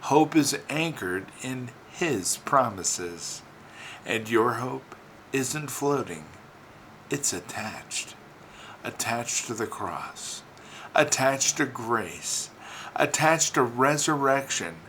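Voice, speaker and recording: A male preacher delivers an inspirational sermon at an unhurried pace, leaning on rhythmic repetition. His phrases swell into emphatic peaks and then settle back down. A faint ambient hum sits under the voice. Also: medium pitch, lively intonation, fairly bright tone, poor audio.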